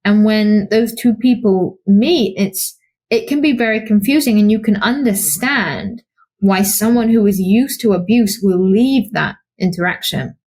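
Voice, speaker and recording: A young woman co-hosting a podcast, speaking conversationally and animatedly, often acting out the voices of people in her stories. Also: mid-range voice. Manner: animated storytelling, acts out quoted voices. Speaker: podcast co-host, psychologist.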